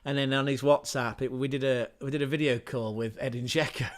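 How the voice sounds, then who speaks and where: With a steady, mid-range voice and a brisk pace, this English livestream host tells stories casually. He rambles, swears freely, and sounds plain and conversational in a middle register.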